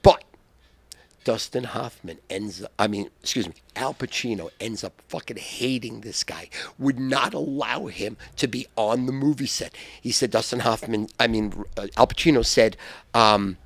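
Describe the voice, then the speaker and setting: An older man telling wild stories as a podcast guest, loud and profane and laughing often. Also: medium pitch, normal speed, vocal fry. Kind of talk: boisterous storytelling.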